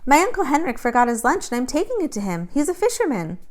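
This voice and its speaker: A woman voicing a young girl who speaks politely and carefully steady, in a storybook read-aloud. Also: high voice, quick pace, voice pushed up.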